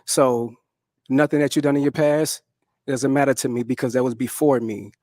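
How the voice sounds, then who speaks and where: A man's voice: mid-range voice, steady tone, moderate pace, mellow, no room sound, clean studio sound. Laid-back New man, tag questions. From New Orleans. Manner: laid-back, adds "right?" and "okay?" often. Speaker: dating show contestant. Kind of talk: casual dating show answers.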